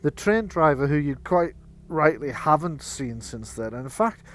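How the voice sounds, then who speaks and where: A man as game master narrating a tabletop game in a relaxed, chatty way. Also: on the high side, normal speed. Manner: relaxed, chatty, laughs easily.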